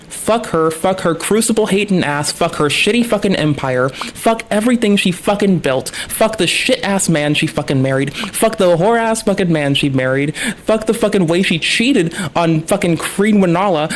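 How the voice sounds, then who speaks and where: Woman streamer, casual rant, heavy profanity, lower register. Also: slight background noise. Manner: profane, ranting, heavy swearing. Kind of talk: casual livestream chat.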